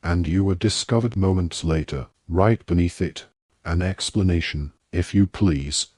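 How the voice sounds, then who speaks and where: A man's voice: low-pitched, a little slow, a little mellow, husky, dry recording, clean studio sound. A man voicing a stern, suspicious ministry wizard who interrogates sharply.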